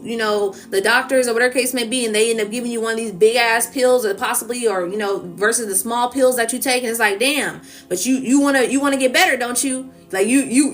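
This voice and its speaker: A fairly high-voiced woman gives a spiritual collective reading in a loose, conversational way. She repeats her points and keeps asking her listeners "okay?" Soft music plays quietly behind her. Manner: casual, repetitive, coaxing with frequent "okay?". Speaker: tarot reader.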